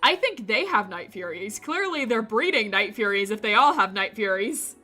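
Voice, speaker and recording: A woman streamer reading a visual novel aloud, breaking off for animated, jokey commentary. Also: medium pitch, moderate pace, faint music behind. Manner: animated, jokey asides with laughter.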